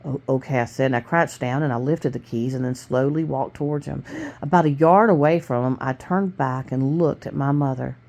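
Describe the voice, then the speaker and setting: A woman reading a novel aloud to her family in plain, steady storytelling with small stumbles. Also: extremely low pitch, moderate pace. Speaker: family reader.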